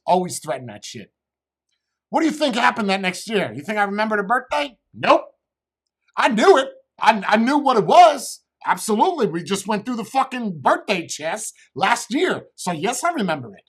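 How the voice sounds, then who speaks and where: Husky, crude rambling man. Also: sits high, big pitch swings, normal speed. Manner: crude, rambling, swears constantly. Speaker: comedian streamer. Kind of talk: profane comic storytelling to a live chat.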